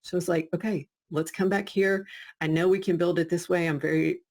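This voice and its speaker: A woman's voice: lowish voice, steady tone, brisk, a little mellow. A woman co-hosting a webinar over a video call, talking in an encouraging, upbeat way and thanking people in the chat. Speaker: webinar co-host. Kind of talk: casual webinar talk.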